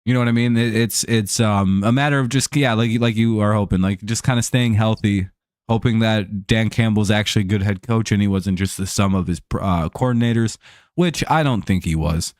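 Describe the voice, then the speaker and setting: A man's voice: fairly low pitch, fairly quick, a little mellow, no room sound, studio quality. A young man casually talking sports on a livestream, rambling and swearing with lots of fillers and restarts, answering viewers by name. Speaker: streamer hosting a sports chat show.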